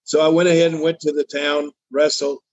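A man's voice: a little high, level tone, a little fast, a little mellow, dry recording, highs cut off. An older man telling a long story in a casual interview, acting out the voices of the people he quotes. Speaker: interview guest.

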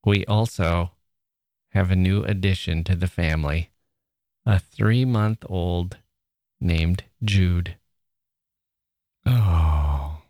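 A man hosting a podcast, reading listener mail in a chatty, playful way, often laughing and getting excited. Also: sits low, no room sound, studio quality. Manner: emotional, excitable. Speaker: podcast host. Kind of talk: reading listener mail aloud, casual monologue.

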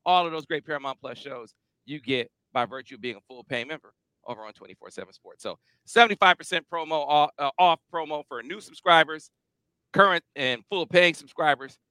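A high-pitched male host talks in an energetic, emphatic, playful way. His voice is bright and crisp, recorded dry and close with no room sound. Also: a little fast, no room sound. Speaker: podcast host. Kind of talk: casual sports show chat.

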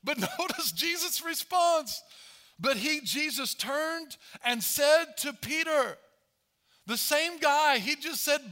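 A man preaching a sermon as pastor, animated, acting out Bible voices as he tells the story. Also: very high-pitched, slow pace.

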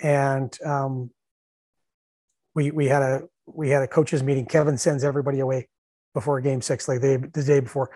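A middle-aged man and former hockey coach telling stories in casual chat, animated, laughing often and acting out what people said. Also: mid-range voice, moderate pace, no room sound. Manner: animated storyteller, laughs often, acts out shouted bench calls.

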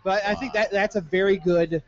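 A man's voice: sits high, steady tone, fairly quick. A man hosting a casual podcast, upbeat and teasing, laughing often as he asks questions. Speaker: podcast host. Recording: dull lo-fi podcast audio.

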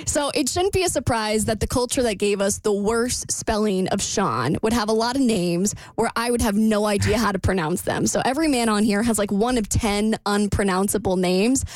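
A woman's voice: mid-range voice, moderate pace, hardly any pauses, no echo. A woman from the United States hosting a podcast, chatty and joking, laughing often. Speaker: podcast host. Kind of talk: casual podcast chat.

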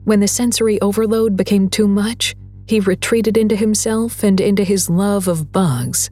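Breathy woman narrating a story. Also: medium pitch, normal speed, warm tone, faint music behind. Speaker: audiobook narrator.

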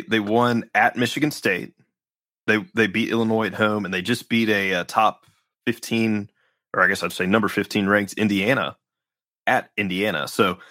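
A man's voice: lowish voice, sharp tone, no room sound, clean studio sound. A man hosting a casual sports podcast, rambling through game stats with a wry tone and frequent restarts. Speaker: podcast host.

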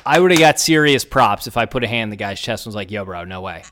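A man's voice: medium pitch, fast talker, slight background noise. A man, telling a story in casual podcast chat and acting out the voices of people in it. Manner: animated storyteller, acts out quoted voices.

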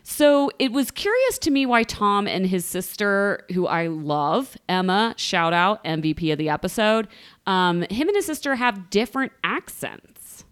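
Woman, Ohio-raised podcast co-host; gossipy, expressive delivery with wide pitch swings. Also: measured pace, clear, resonant tone. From Columbus, Ohio, USA. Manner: chatty and gossipy, laughing often. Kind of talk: casual reality-TV recap chat.

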